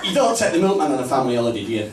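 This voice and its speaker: A man with a Northern English accent doing a stand-up comedy set in a small pub club, with punchy, deadpan delivery. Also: mid-range voice, very fast, very noisy. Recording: roomy, distant live mic, faint ambience.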